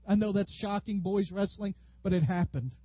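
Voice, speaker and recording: A man with a high voice preaches a sermon. He tells stories with lively energy and bursts out loudly when acting out what people said. The recording is dry and slightly dull. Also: normal speed, no room sound. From Tennessee, USA. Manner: animated, storytelling preacher who acts out quotes loudly. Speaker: pastor.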